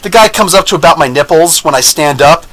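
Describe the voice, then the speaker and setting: A man hosting a podcast, talking in a rambling, blunt and animated way, telling stories and often checking in with his listeners. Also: on the high side, quick pace, poor audio. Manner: rambling, animated, keeps asking "you know what I'm saying?"; blunt and opinionated. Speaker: podcast host. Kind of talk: casual opinion monologue with storytelling.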